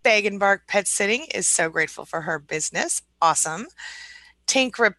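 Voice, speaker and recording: A woman's voice: mid-range voice, lively intonation, normal speed, no room sound, poor audio. A woman hosting a live support stream, chatting casually and greeting viewers by name in an upbeat, friendly way. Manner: upbeat, warm greetings to viewers, light laughs. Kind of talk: casual live-stream chat, reading comments.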